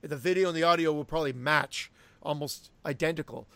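Male co-host, gravelly, animated, sarcastic and foul-mouthed; dry close mic. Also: fairly high pitch, a little fast, no room sound. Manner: sarcastic, swears freely. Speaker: podcast co-host and editor. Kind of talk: casual chat.

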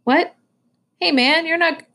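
A woman's voice: medium pitch, moderate pace, close to an everyday voice. A woman doing a friendly easygoing teen boy. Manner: friendly, casual.

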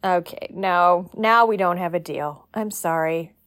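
A woman's voice: lowish voice, unhurried, fairly bright tone, no echo, clean studio sound. A woman talking solo as a publishing coach, chatty and joking, with playful asides. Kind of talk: solo podcast talk.

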